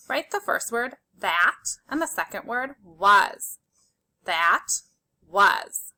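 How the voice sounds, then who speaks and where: A woman's voice: mid-range voice, expressive, takes it slowly, bright, forceful tone. A woman teaching a spelling lesson to young children, patiently sounding out letters and praising their work. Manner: encouraging and praising.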